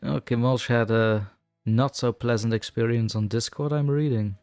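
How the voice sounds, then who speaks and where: A man's voice: medium pitch, fairly even intonation, normal speed, a little mellow, clean tone, soft background music. A man from Europe chatting as a podcast guest, joking and hedging his claims. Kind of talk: casual chat.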